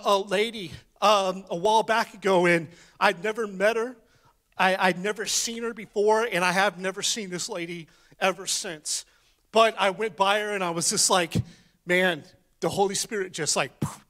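A man preaching a sermon, telling a personal story in a conversational way, then swinging between rising emphatic calls and hushed whispers. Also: high voice.

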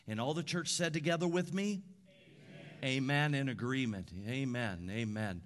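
A man's voice: mid-range voice, normal speed. A male pastor preaching a sermon, leading prayer and building emphasis as he calls on the congregation to respond. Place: church sanctuary. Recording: long hall reverb.

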